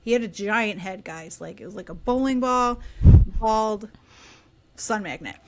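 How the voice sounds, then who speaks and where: A woman in her thirties tells a story as a podcast guest, talking casually. She is animated, and now and then she drops into quieter asides. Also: medium pitch, a little slow, a little hiss or hum.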